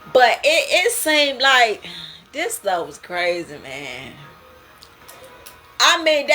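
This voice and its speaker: A young woman tells her dream to her viewers in a slow, unhurried way. Her voice sits a little high and rings bright, with soft music playing faintly behind her. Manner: animated, laughing often, addressing viewers as y'all. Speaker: spiritual dream interpreter. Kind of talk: casual dream-sharing monologue.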